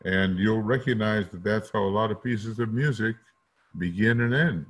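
Speaking slowly and carefully, a male teacher lectures with a rough, early-morning voice on the low side, occasionally breaking into sung note syllables as examples.

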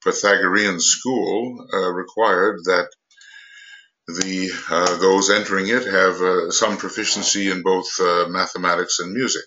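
An older man lectures on spiritual matters without a script, his voice very deep yet bright and forceful. He stops often, fills gaps with hesitations and circles back to restart his thoughts. The recording is dull and lo-fi. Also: steady tone. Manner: halting, many fillers and restarts. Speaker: esoteric teacher.

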